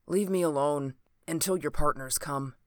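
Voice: mid-range voice, normal speed, dry recording, close to an everyday voice. A reader voicing a wounded middle-aged man who is dying and speaks faintly between urgent pleas, in a dry close recording. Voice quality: faint, gasping.

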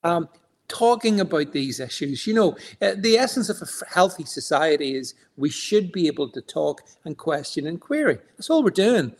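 A man's voice: a little high, sing-song, normal speed. A man co-hosting an online stream, talking emphatically with many stammered restarts. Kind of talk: casual political chat.

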